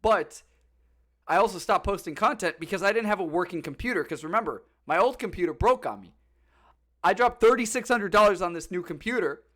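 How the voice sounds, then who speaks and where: A man's voice: sits high, a little fast. A man telling stories on a casual podcast, swearing freely and acting out the people he talks about. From Florida. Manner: animated storytelling, swears often, acts out callers. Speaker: podcast host. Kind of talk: casual chat.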